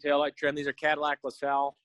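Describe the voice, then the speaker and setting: A man's voice: a little high, completely flat delivery, fast talker, a bit bright, no echo, poor audio. A middle-aged man walking through a car build in his workshop, listing the parts in short, matter-of-fact phrases. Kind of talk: casual walkthrough explaining a build.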